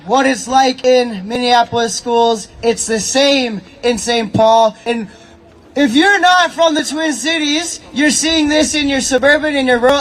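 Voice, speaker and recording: A man emceeing an outdoor street protest, shouting rousing calls to the crowd. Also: extremely high pitch, rough recording. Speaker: rally emcee. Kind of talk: shouted rally speech. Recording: loud crowd noise. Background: cheering crowd.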